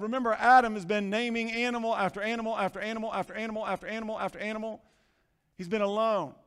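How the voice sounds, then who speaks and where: Male pastor, high voice, animated sermon delivery, reverberant church hall. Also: clean tone. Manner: animated preaching, swinging from hushed to shouting. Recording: long reverb of a large hall.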